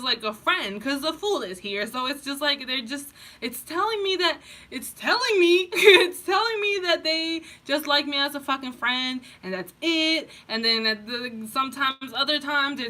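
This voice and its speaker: Woman tarot reader, loose and profane, laughs easily; bright, slightly high voice. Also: lively intonation, normal speed. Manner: rambling, profane, laughs often. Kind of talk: casual pick-a-card tarot reading.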